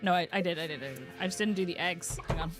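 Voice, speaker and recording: A woman streamer from the UK chatting casually while she plays, thinking aloud and cooing brightly at the game's animals. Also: lowish voice, fast talker. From United Kingdom. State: has the hiccups. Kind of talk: casual live-stream gameplay chat. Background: game music.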